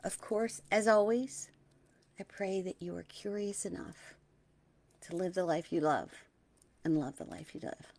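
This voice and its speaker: Soft-spoken woman giving a spiritual talk. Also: lowish voice, vocal fry. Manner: gentle and dreamy, slows down on key words, drops to a hush. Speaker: spiritual teacher and host.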